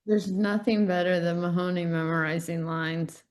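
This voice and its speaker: A middle-aged woman co-hosting a podcast, telling animated stories in casual chat and laughing often. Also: lowish voice, normal speed. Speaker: podcast co-host.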